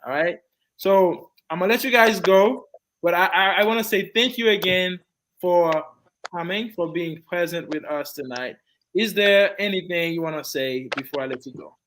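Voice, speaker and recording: A man's voice: a little high, normal speed, a bit bright, slight background noise, low-quality recording. A man teaching an online English class, wrapping up a discussion with his students in an encouraging, repetitive way. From Haiti. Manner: encouraging, repeats phrases.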